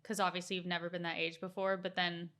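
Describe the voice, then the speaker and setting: A woman's voice: fairly low pitch, level tone, fast, a bit bright. A young American woman co-hosting a casual podcast chat, full of "like" fillers and easy laughter. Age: young adult. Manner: chatty, lots of "like" fillers, laughs as she talks. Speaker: podcast co-host, daughter.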